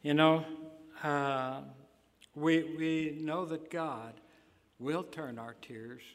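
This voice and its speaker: An older man preaching a sermon in a halting, folksy way, with many fillers and restarts. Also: on the high side, fairly even intonation. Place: church sanctuary. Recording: long hall reverb.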